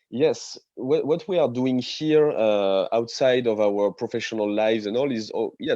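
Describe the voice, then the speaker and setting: A man's voice: mid-range voice, warm tone, dry recording, dull audio. A man who is a diving instructor talks as a panelist over a video call, hesitant and full of fillers but enthusiastic.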